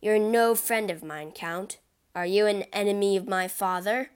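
A woman's voice: medium pitch, animated, moderate pace, natural voice. A woman voicing a hot-headed young nobleman. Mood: indignant.

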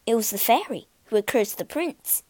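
Expressive woman reading a storybook. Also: fairly high pitch, no room sound. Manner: expressive, unhurried. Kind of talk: storybook read-aloud.

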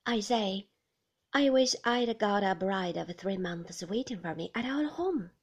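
A woman reading the lines of a teasing, flirtatious man in a story, speaking loudly. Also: mid-range voice, expressive, unhurried. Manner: teasing and loud. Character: cheeky, flirtatious man in sports car.

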